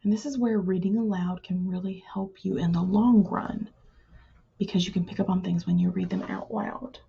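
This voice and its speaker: A woman's voice: medium pitch, steady tone, moderate pace, gravelly, dark tone, slightly rough, muffled recording. A woman teaching writing to her students in a recorded lesson, explaining patiently and plainly, drawing words out for emphasis.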